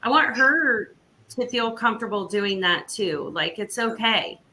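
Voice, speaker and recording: A woman's voice: on the high side, animated, measured pace, background noise. A woman speaking candidly in a casual talk about apologizing to her daughter. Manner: open, candid about her own mistakes. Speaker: author and guest. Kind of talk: casual conversation.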